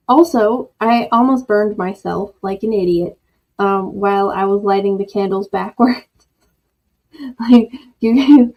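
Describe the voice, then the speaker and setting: A woman hosting a casual livestream from her home, rambling in a self-deprecating way and laughing at herself. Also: medium pitch. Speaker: livestream host. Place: home room with candles. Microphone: old desk microphone. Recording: dull lo-fi audio from an old microphone.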